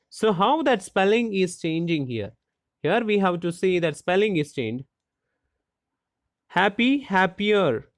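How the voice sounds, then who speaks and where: A teacher explaining a grammar lesson slowly and deliberately, asking rhetorical questions and spelling out letters. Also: medium pitch, no echo, clean studio sound.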